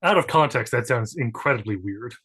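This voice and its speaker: A man's voice: mid-range voice, animated, fairly quick, fairly bright tone, slightly rough. A man narrating as game master in a tabletop game, chatty and loose, with plenty of fillers.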